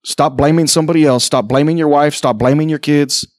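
A middle-aged man preaching an impassioned sermon in church, asking rhetorical questions and acting out dialogue, often rising to near-shouts. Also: on the high side, steady tone, fairly quick, no echo, studio quality. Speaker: pastor. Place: church sanctuary.

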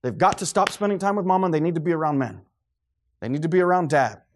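A middle-aged man preaches with fervent, preachy conviction. His voice sits somewhat high for a man, and he now and then loses his train of thought. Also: expressive, quick pace. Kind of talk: sermon.

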